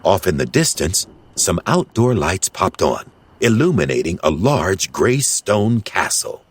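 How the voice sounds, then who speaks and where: A man reading a children's audiobook story in a measured, expressive way, close to a studio mic. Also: low-pitched, slightly rough, no room sound. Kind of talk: scripted audiobook narration.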